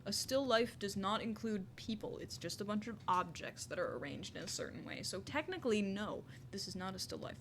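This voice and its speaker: Casual, playful streamer, reads game text aloud, lots of giggling, chatty gaming stream. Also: female voice, medium pitch, animated, brisk, hardly any pauses, fairly bright tone, a little hiss or hum. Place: home desk with a squeaky chair.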